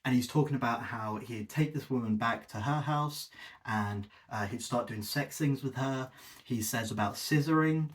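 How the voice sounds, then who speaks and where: Guy ranting sarcastically in his video essay, exasperated, mid pitch voice. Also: moderate pace. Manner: sarcastic, exasperated critique with mocking asides. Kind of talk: scripted-ish critical commentary.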